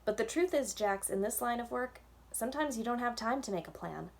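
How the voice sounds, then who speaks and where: Lady reading a storybook, doing a gruff old witch who barks orders, no-nonsense. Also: a little high, expressive, fairly quick, voice pushed up. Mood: storytelling. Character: tough older woman witch, brisk and bossy. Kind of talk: reading a children's novel aloud.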